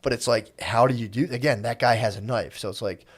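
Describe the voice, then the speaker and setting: Fast-talking man in casual podcast banter. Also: mid-range voice. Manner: rambling, acts out quotes in sudden voices. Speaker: podcast co-host.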